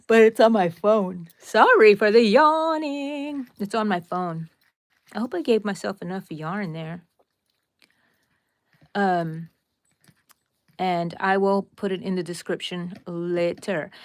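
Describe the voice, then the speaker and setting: A woman with a Texan accent and a lowish voice hosts a live crochet tutorial, recorded with no echo. She chats casually and directly with her viewers, drifting into rambling asides.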